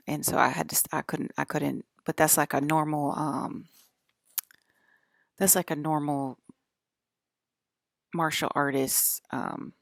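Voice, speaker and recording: Low, gravelly-voiced woman rambling. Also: no room sound, studio quality. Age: 40s. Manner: rambling, filler-heavy, keeps asking "okay?". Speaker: channel host. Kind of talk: casual rambling monologue.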